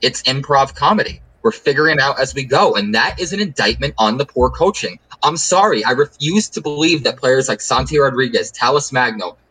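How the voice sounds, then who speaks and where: A man's voice: medium pitch, lively intonation, brisk, hardly any pauses, pushed and bright, breathy edge, poor audio. A man hosting a casual sports podcast, making his point with emphatic, repetitive phrasing. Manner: emphatic, repeats words while building an argument. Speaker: podcast host.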